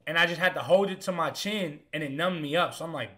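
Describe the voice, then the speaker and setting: A young man, a comedian, telling a story in a casual, animated and profane way, with punchy lines. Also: a little high, fast talker. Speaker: comedian host.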